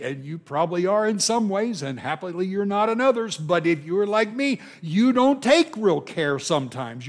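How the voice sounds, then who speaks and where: A man preaching a sermon to his congregation in a conversational, self-deprecating way, asking them questions. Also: sits high.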